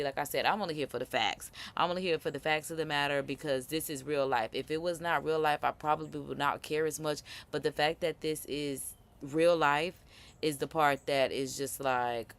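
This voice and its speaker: Low-voiced woman reacting emphatically. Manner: emphatic, talks back at the clip. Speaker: live-stream reaction host. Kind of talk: casual reaction commentary.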